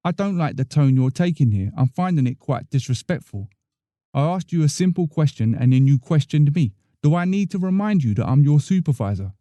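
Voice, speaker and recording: A man's voice: fairly high pitch, expressive, fairly quick, mellow, no echo, close to an everyday voice. A man voicing a prim, cold female office supervisor who speaks in a clipped, accusing way in an audio story. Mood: stern accusing.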